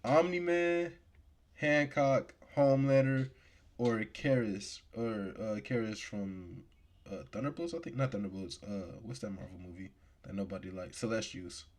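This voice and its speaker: Slangy, animated man in casual chat. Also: fairly low pitch, moderate pace. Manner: animated, slangy, laughing banter. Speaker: podcast co-host.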